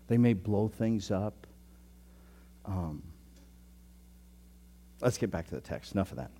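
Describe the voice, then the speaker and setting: A man's voice: on the low side, warm tone. Middle-aged male pastor, easygoing sermon delivery, builds to fervent emphasis. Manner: conversational, self-deprecating, rising to emphatic preaching.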